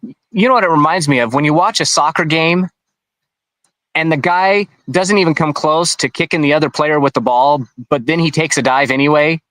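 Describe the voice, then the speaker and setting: A man's voice: fairly high pitch, normal speed, fairly bright tone, dry recording, poor audio. A man being interviewed, recounting events in a rambling, conversational way with frequent restarts. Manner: rambling, with many restarts and asides. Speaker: interview guest.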